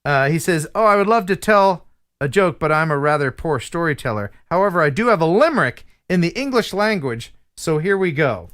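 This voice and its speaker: Lively, jokey male stream host. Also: a little high, a little fast. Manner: jokey, rambling, laughs at himself; reads viewer mail aloud. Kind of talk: casual live-stream chat.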